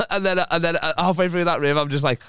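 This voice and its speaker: Man, comedian, rapid, smooth clear voice, dry close sound, crude rambling stories. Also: on the high side, fairly bright tone. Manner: rambling, crude, laughing storyteller. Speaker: stand-up comedian. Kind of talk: casual podcast chat.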